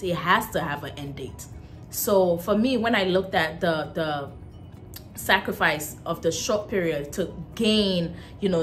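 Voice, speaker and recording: A woman with a Nigerian accent chatting casually to camera as a vlogger, animated, with lots of fillers and emphatic jumps in pitch.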